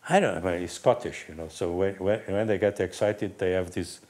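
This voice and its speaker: Man telling a lively racing anecdote. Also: sits low, moderate pace. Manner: lively anecdote-telling, acting out quotes, laughing often. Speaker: team manager. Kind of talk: casual storytelling on a panel.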